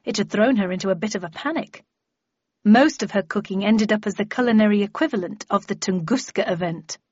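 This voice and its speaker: A woman's voice: medium pitch, a little fast, darkish tone, breathy edge, dry recording. A woman narrating a first-person audiobook in a dry, wry storytelling manner. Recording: dry, slightly dull audio.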